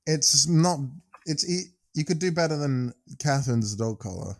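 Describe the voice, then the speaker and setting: A man's voice: a little high, lively intonation, normal speed, no echo, studio quality. A British man co-hosting a podcast in casual, rambling chat that often trails off mid-sentence. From United Kingdom. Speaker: podcast co-host.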